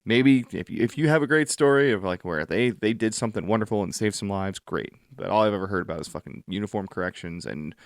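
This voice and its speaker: A man hosting a podcast, an army veteran, talking casually in a blunt, profane, animated way. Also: fairly low pitch, fast talker, few pauses. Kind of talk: casual conversation.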